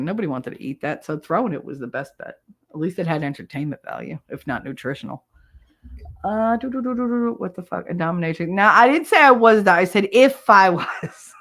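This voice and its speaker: Blunt, cussing woman podcaster, low voice. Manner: blunt, profane storytelling with frequent laughs. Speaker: podcast host. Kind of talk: casual solo chat.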